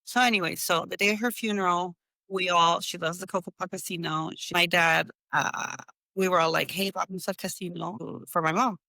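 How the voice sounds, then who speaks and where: A woman's voice: lowish voice, fairly even intonation, a little fast, sharp tone, no room sound. A woman co-hosting a casual podcast, telling stories and mixing Spanish words into her English. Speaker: podcast co-host. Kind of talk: casual conversation and storytelling.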